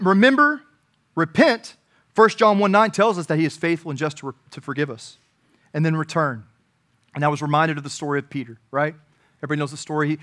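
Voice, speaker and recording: Pastor, male, fairly high voice; earnest sermon delivery that swells to emphatic peaks and sinks to soft asides. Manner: earnest preaching, rising to emphatic peaks and dropping to quiet asides.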